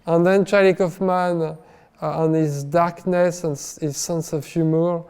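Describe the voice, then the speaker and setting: A man with a French accent answering interview questions haltingly, full of fillers and restarts, in a reverberant hall. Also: on the high side, little pitch movement, darkish tone, clean tone. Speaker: film director, guest.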